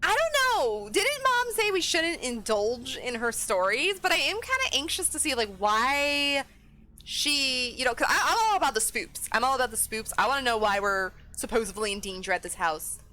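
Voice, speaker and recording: A woman's voice: high voice, big pitch swings, normal speed, sharp tone. A woman streaming a horror game, chatting casually and thinking aloud as she plays. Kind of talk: casual let's-play commentary.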